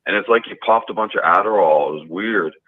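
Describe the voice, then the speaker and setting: Very deep-voiced man on a tinny phone line. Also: brisk. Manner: rambling, full of fillers and restarts. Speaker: caller. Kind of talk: telling a personal story on a call-in show.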